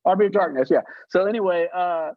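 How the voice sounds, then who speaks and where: A man telling show-business stories as an interview guest, in a lively way, acting out the voices he quotes. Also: high voice, brisk, no room sound. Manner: animated anecdotes, acts out quoted voices, laughs often. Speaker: guest, actor and effects artist. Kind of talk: casual storytelling interview. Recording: dull, lo-fi sound.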